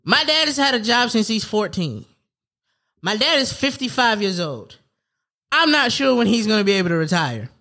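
Animated, emphatic young podcast co-host. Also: mid-range voice, moderate pace. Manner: animated, emphatic, swears freely. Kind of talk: casual chat.

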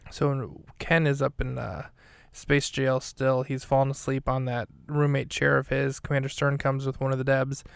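A male podcast host with a gravelly, smooth voice that stays on a level, flat pitch. He recaps an episode in a loose, casual way, full of fillers and quoted dialogue. The sound is dry and close. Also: moderate pace, hardly any pauses, dry recording.

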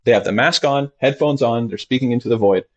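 A man, a doctor as interview guest, talking expressively and acting out his patients' voices with big jumps in pitch. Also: fast, lo-fi sound. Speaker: integrative medicine doctor, guest. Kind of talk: animated conversational interview.

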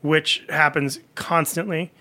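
Man, comedian guest, casual podcast chat, rambling, filler-heavy, slightly high voice. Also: fairly even intonation, pushed and bright. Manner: rambling, fast anecdotes with many fillers.

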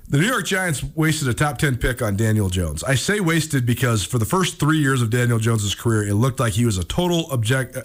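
A man hosting a sports radio show, telling a story in casual chat, animated and laughing often. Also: mid-range voice.

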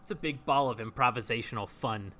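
A man's voice: mid-range voice, brisk, bright, forceful tone, slight background noise. A man co-hosting a casual podcast chat about improv, enthusiastic and full of restarts. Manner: chatty, enthusiastic, restarts often. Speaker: podcast co-host.

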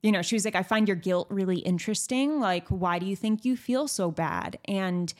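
A woman's voice: medium pitch, normal speed. Chatty young woman podcasting, lots of likes, swears freely, casual and open. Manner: chatty, filler-heavy, frank with swearing. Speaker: podcast host. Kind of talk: candid casual chat.

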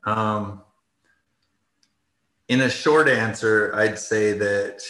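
Rambling, bright-voiced middle-aged man on an echoey call. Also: fairly low pitch. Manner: rambling, says "like" often, laughs while telling. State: tearful at moments. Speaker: interview guest, former ice hockey player. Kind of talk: casual interview storytelling. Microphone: video call.

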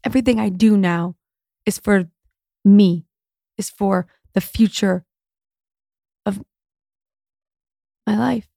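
A woman's voice: medium pitch, slow, creaky, long pauses, mellow, dry recording, studio quality. A woman in her thirties hosting a solo podcast, speaking in a raw, candid, emotional way and swearing freely. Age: 30s. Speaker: podcast host.

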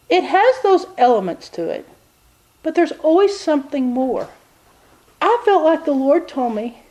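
A woman preaches in a high, bright register. She tells a personal story folksy and animated, the way a sermon runs. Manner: animated, folksy storytelling, jumps into high voices for quoted people.

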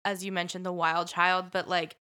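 A woman co-hosting a film podcast, recapping scenes in a blunt, lively way. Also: on the low side, moderate pace. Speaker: podcast co-host. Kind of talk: casual film review chat.

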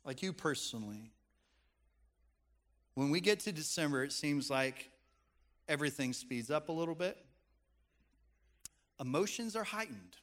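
This pastor's medium-pitched, fairly bright voice is animated yet a little slow, with frequent pauses. Preaching playfully in a church sanctuary, he draws in the congregation by asking them questions, all under a long hall reverb.

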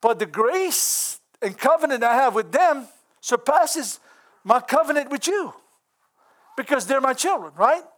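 A man with a high voice preaches in a folksy, earnest way. He is middle-aged and breaks into chuckles as he talks. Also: very animated, a little slow, a bit bright. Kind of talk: sermon.

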